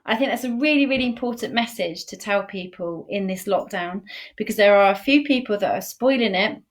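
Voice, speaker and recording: A woman teaching a beginner sign language lesson in a live stream, encouraging and repeating key phrases slowly and firmly. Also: mid-range voice.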